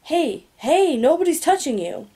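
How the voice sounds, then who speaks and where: A woman's voice: high-pitched, lively intonation, normal speed. A woman reading an audiobook, voicing two baffled male night guards who call out in alarm. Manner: gruff, alarmed, loud calls. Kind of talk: audiobook character voice.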